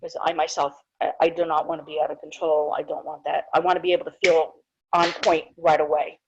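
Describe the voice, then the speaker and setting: Low and level in tone, her voice runs a little fast on a lo-fi recording with background noise. A dental hygienist hosting a casual live webinar, she chats informally with many asides, fillers and restarts.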